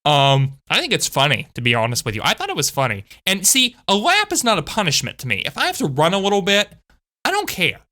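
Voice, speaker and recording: A woman telling a story from school in a chatty, animated way, with frequent asides to her viewers. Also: lowish voice, fast talker. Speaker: channel host. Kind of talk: storytime vlog.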